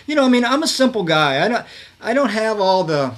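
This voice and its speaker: A man's voice: sits high, very animated, a little fast. A man in his fifties, a guest telling stories in a rambling casual way, full of fillers and restarts. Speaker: podcast guest, veterans advocate. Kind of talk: casual conversational storytelling.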